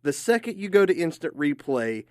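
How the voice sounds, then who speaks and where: A man's voice: on the high side, big pitch swings, moderate pace, a little mellow, no room sound, studio quality. A man co-hosting a sports radio show, giving his opinions emphatically. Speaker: radio co-host.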